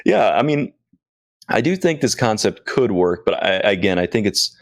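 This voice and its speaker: A man co-hosting a tabletop gaming talk show, speaking casually in a measured, hesitant way. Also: on the low side, big pitch swings, no echo, studio quality. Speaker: podcast co-host. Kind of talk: casual discussion.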